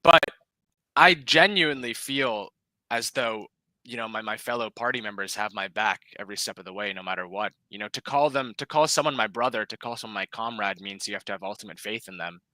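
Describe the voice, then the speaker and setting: Man, guest, earnest political chat, bright forceful tone, dry close sound. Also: fairly low pitch, brisk, no echo, rough recording.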